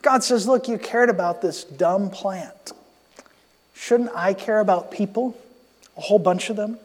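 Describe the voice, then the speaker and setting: Guy preaching a sermon, high voice, casual asides, echo trailing like a big hall. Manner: earnest, conversational preaching with quick asides. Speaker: pastor.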